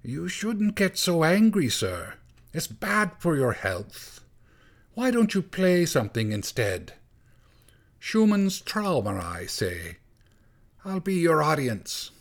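A man voicing a polite but impertinent male tortoise-shell cat in a storybook reading, raising his voice higher and softer. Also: expressive, measured pace. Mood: wheedling. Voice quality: soft, wheedling.

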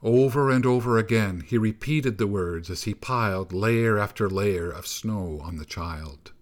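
A man reading a folk tale aloud in a measured storybook narration. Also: lowish voice. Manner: slow, measured, hushed at times.

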